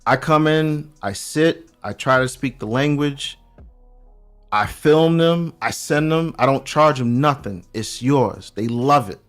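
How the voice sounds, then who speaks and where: Animated New man telling stories. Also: medium pitch, slow pace, faint music behind. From Brooklyn, New York. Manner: animated storyteller, street slang, restarts a lot. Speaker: guest checking in from abroad. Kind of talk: casual podcast chat.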